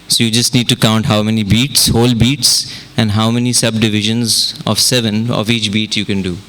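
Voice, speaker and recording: A man's voice: on the low side, steady tone, fairly quick, few pauses, background noise. Man counting rhythm beats aloud. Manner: counts beats aloud, mixes Hindi and English. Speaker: music teacher. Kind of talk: interactive workshop talk. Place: event room with audience.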